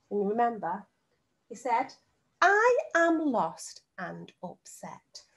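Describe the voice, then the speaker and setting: A woman teacher giving a recorded lesson from home to young children, speaking slowly and clearly and sounding out words syllable by syllable. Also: lowish voice, a little hiss or hum. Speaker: primary school teacher.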